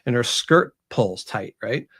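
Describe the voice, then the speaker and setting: This male author, a guest on an interview program, has a mid-range, slightly rough voice and takes his time. He retells a story in a laid-back, animated style, voicing the characters himself.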